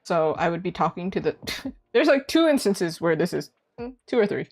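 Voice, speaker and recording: Giggly young woman chatting on stream. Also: normal speed. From Canada. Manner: chatty and giggly, lively swings in pitch. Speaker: art streamer. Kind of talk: casual live-stream chat. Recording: faint music behind.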